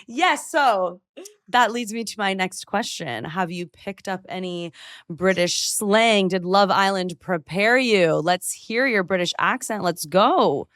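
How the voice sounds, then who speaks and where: A woman's voice: mid-range voice, takes it slowly, a bit bright, no echo, clean studio sound. A woman hosting a casual podcast interview, playful and teasing, laughing often. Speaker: podcast host.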